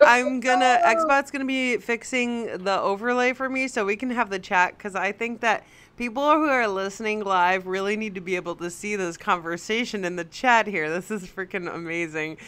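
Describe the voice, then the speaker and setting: A woman's voice: mid-range voice, bright, forceful tone, a little hiss or hum. A woman hosting a casual gaming podcast, laughing often and steering the talk along. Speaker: podcast host.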